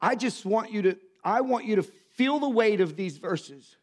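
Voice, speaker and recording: Folksy high-voiced pastor in his fifties. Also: expressive, normal speed. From Missouri. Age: 50s. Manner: folksy, self-mocking storytelling with acted quotes. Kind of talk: sermon.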